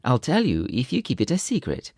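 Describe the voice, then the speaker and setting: A man's voice: mid-range voice, wildly swooping pitch, a little fast, creaky, darkish tone, no room sound, clean studio sound, exaggerated voice. A man voicing a proud, touchy male kitten who spins a tall tale with fanciful, indignant flair. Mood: teasing, indignant.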